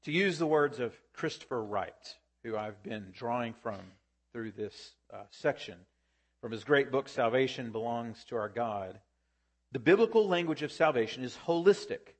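A male pastor delivering a teaching sermon at a medium pitch. He keeps turning to the congregation with rhetorical questions, and his voice swells and falls as he stresses key points. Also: animated, normal speed.

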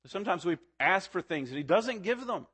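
Earnest pastor preaching. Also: male voice, sits high, expressive, a little fast, a bit bright, breathy edge. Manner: earnest, building to fervent emphasis. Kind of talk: sermon.

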